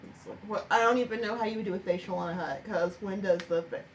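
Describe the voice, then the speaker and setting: A woman's voice: mid-range voice, fast talker, muffled recording, a little hiss or hum. A woman player in a tabletop game, chatting casually and joking.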